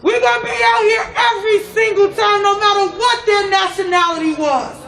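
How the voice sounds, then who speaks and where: A man shouting an impassioned rally speech as a protest organizer, outdoors at a protest. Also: very high-pitched, steady tone, moderate pace, gravelly, echoey room, rough recording. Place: outdoor protest outside a mansion.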